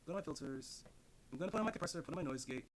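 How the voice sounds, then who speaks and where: His voice sits on the high side, racing and expressive, as he rambles and swears through a casual live stream from his home desk. The desk mic is positioned farther away than normal and angled oddly.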